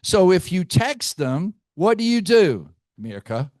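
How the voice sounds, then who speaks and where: A man runs a live sales team training, pushing and teasing his listeners and firing questions at them. His voice sits high for a man. The sound is dry and close, with no room around it. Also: big pitch swings, slow pace, darkish tone, no echo. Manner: brash, teasing, quizzes the audience. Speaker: real estate team trainer.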